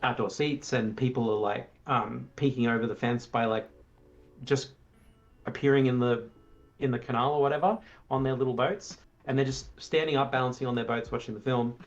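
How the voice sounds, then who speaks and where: A man co-hosting a casual film review chat, eagerly retelling comic scenes and acting them out in sudden high voices. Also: steady tone, a little fast, highs cut off. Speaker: podcast co-host.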